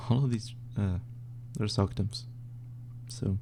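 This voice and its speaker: A young man from northern Sweden with a Swedish accent, casually reading out and answering chat questions on a live stream, with many fillers and pauses. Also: on the low side, vocal fry, a little mellow, a little hiss or hum. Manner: laid-back, reads chat questions aloud, hesitant with fillers.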